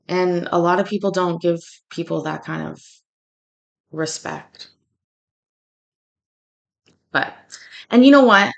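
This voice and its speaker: A woman from Canada tells a long story in casual chat, and her voice sits a little on the low side. She rambles and restarts her sentences often, and she gets animated when she acts out what people said. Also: measured pace, vocal fry, long pauses. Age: adult, has a daughter. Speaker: livestream host.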